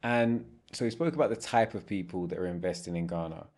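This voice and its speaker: A man with a very low, deep voice hosts a podcast interview. He asks long, searching questions and keeps the guest going with steady murmurs of agreement. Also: a little fast. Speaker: podcast host.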